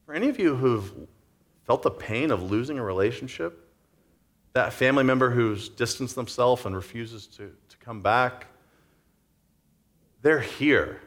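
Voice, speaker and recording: A man's voice: medium pitch, a little slow, pauses often, fairly bright tone. A man preaching a sermon in a conversational way, acting out the story's scenes. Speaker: pastor.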